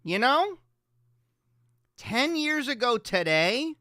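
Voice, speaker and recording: A man's voice: extremely high pitch, big pitch swings, takes it slowly, sharp tone, no room sound, clean studio sound. A man hosting a radio show, talking in a loose, profane, rambling and jokey way. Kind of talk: casual chat on a morning radio show. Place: radio studio.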